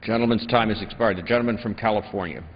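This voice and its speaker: A man presiding over a chamber, making brisk formal procedural announcements. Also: fairly low pitch, breathy edge. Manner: brisk, formulaic. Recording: dull broadcast sound with long hall reverb.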